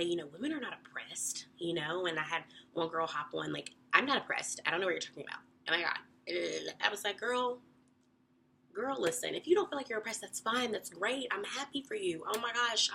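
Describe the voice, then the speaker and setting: A young woman vlogging to camera, talking passionately and emphatically, her voice climbing into high exclamations. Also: creaky, pushed and bright, a little hiss or hum. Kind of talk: casual talk to camera.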